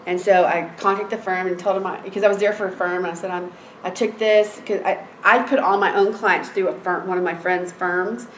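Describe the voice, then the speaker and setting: Woman, middle-aged, court reporter; blunt, lively storyteller; echoey room, faint noise. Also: medium pitch, fairly quick, few pauses. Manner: blunt, animated, with many fillers. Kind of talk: anecdotal storytelling in a seminar chat. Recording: roomy echo.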